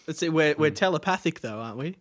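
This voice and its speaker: A man's voice: fairly high pitch, lively intonation, quick pace. A man in a casual podcast chat making wry, sarcastic remarks.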